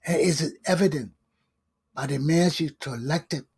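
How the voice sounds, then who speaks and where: Husky, fiery talk show ranter. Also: medium pitch, lively intonation, moderate pace. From Liberia. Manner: fiery, scolding, repetitive ranting. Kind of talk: impassioned political monologue.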